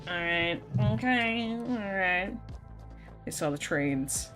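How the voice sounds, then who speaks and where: A woman's voice: lowish voice, animated, slow pace, fairly bright tone, faint music behind. A young woman streaming a game, chatting casually and playfully with frequent laughs. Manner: playful, laughs often, scolds in mock threats. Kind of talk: casual gameplay chat.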